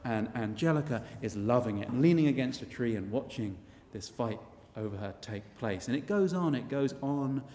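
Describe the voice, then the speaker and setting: A man's voice: medium pitch, normal speed, a little hiss or hum. Wry male storyteller in a church. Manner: wry, chatty, animated. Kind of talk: live comic storytelling. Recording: long church reverb.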